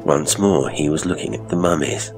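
A man narrating a strange horror story in a measured, deliberate way. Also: very deep voice, over music.

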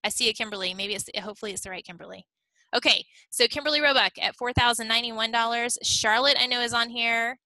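A woman's voice: a little high, fairly even intonation, quick pace, bright, forceful tone, no echo, low-quality recording. A woman leading a team meeting on a video call, upbeat and chatty, checking in often with "okay?". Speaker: team leader.

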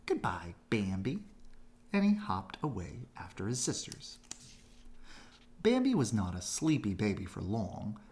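Animated man reading a bedtime story. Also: fairly low pitch, unhurried. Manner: gentle, expressive storytelling. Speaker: storybook reader. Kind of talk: children's read-aloud.

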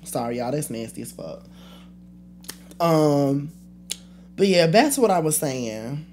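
A woman's voice: low-pitched, animated, slow, a little mellow, slight background noise. A young adult woman hosting her own podcast in a casual solo rant, blunt and profane, trailing off and restarting her thoughts. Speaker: podcast host.

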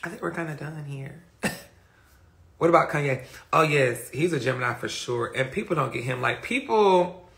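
A man's voice: fairly high pitch, normal speed, creaky, fairly bright tone. A man hosting a livestream rant, blunt and profane, reading chat comments aloud between points, speaking into a phone. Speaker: livestream host.

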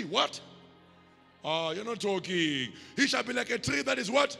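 A South African pastor preaching in a high, gravelly, raspy voice with a sharp, forceful edge. His delivery is emphatic and rhythmic, full of call-and-response to the congregation. The sound carries a long church-hall reverb with faint music underneath. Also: sing-song, normal speed. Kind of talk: sermon.

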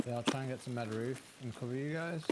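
A man's voice: medium pitch, quick pace, very noisy. A man from Manchester with a Mancunian accent, giving brief tactical callouts over voice chat during a game. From Manchester, England. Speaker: squad teammate.

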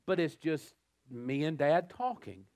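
A man with a Southern American accent preaching a sermon as a pastor, animated and repeating words as he builds a thought. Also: a little high, measured pace, no room sound. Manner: animated, acts out little scenes and voices. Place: church.

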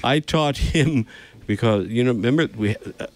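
A man's voice: mid-range voice, moderate pace, dry recording. A man hosting a live radio show, chatting playfully and switching between English and Swiss German. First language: American English. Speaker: radio host. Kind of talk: casual live radio chat. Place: live venue radio studio.

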